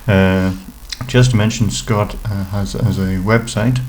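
A man's voice: fairly low pitch, fairly even intonation, unhurried, a little mellow, a little hiss or hum, rough recording. A man co-hosting a podcast in casual chat, with dry, teasing humour. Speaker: podcast co-host.

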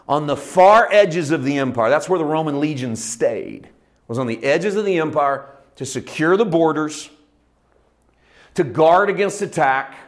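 Man, preacher, Bible teaching, emphatic repetitions, higher pitch. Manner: emphatic, repeats phrases for stress.

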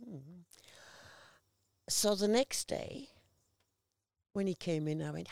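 Woman interview guest, very gravelly, slow and unhurried, slips into other people's voices as she tells stories. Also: on the low side, dry recording, clean studio sound. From Australia. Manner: animated storyteller acting out quoted voices. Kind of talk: casual storytelling conversation.

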